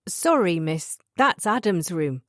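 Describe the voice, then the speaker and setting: A woman's voice: on the low side, takes it slowly, no room sound, clean studio sound. A woman doing a polite Estuary London housekeeper. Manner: polite, flat. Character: stout middle-aged housekeeper woman, polite.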